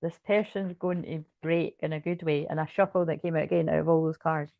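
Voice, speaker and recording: A woman talks through a tarot spread in a loose, rambling way, often restarting her sentences and dropping swear words. Her voice sits a little low for a woman. The sound is dry, with no room echo. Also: steady tone, fairly quick, gravelly, narrow, tinny audio. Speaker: tarot reader. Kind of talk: casual tarot card reading.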